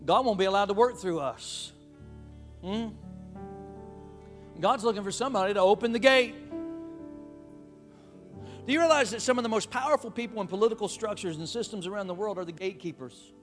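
High-voiced preacher. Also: male voice, brisk, long pauses, faint music behind. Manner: preacher calling out to the congregation, playful asides. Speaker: pastor. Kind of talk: sermon.

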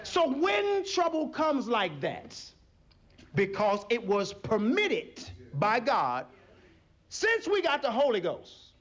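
A male pastor delivers a sermon in a high voice that swings widely in pitch, taking his time. His preaching is animated call-and-response, full of folksy phrasing, and he keeps calling out to the congregation for answers.

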